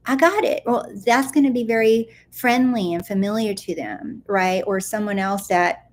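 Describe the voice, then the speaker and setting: A woman's voice: mid-range voice, normal speed, slight background noise. A woman life coach chatting casually on a live stream, answering viewer questions in a playful, goofy way and often checking in with her listeners. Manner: chatty, playful and goofy, full of "like" and "do you see?". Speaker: law of attraction coach.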